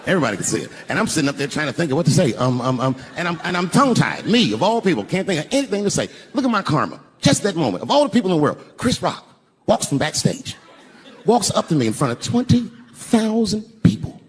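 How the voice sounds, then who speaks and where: Older man, animated profane stand-up storytelling. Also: on the high side, fast. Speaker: stand-up comedian. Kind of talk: stand-up routine. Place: large live arena stage. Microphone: handheld stage microphone. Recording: live recording with background noise.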